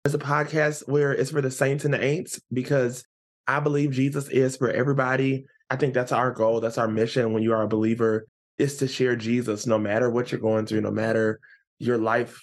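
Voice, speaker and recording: Enthusiastic male guest, mid-pitched, bright-spirited and lively. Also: moderate pace. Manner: upbeat, excitable, pitch jumps high when animated. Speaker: podcast guest. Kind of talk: casual podcast interview.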